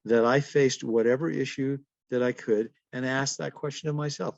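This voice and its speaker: A man's voice: mid-range voice, steady tone, moderate pace, gravelly, dry recording, highs cut off. A man in his seventies, a guest in an interview, telling stories and laughing often as he talks. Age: 70s. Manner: storytelling, quotes others in acted voices, laughs often. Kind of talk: conversational interview.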